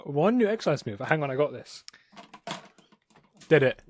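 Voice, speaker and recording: A man's voice: on the high side, very animated, normal speed, no room sound, studio quality. A young man co-hosting a podcast, rambling and hesitant, often self-deprecating. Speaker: podcast co-host. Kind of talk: casual podcast chat.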